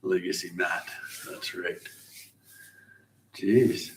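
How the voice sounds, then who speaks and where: A man's voice: sits low, steady tone, extremely slow. A middle-aged man hosting a live car-building stream. He chats casually and rambles through shop-talk explanations, chuckling now and then. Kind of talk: casual live chat with viewers. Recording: roomy, distant mic with faint hiss.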